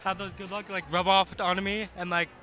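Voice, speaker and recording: A man's voice: sits high, level tone, a little fast, pushed and bright, soft background music. A teenage boy giving goofy, rambling answers in an outdoor street interview. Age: teens.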